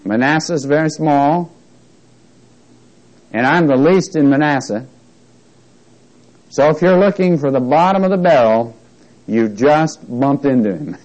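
Male Bible teacher leading a chatty class; drawn-out scripture reading, playful asides. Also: a little high, a little mellow, dull audio. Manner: reads scripture slowly with emphasis, jokes with class. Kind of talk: interactive Bible lesson.

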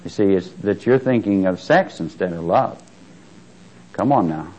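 A man's voice: low-pitched, lively intonation, normal speed, dark tone, poor audio. A man preaching a sermon in a conversational way, questioning his listeners and swelling on key words. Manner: conversational, asks the congregation questions.

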